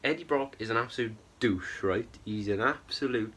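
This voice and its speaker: A man's voice: mid-range voice, normal speed, fairly bright tone, slightly rough. A young man giving a casual, exasperated film review, rambling and tagging his points with "right?" and "bro". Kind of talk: ranting film review vlog.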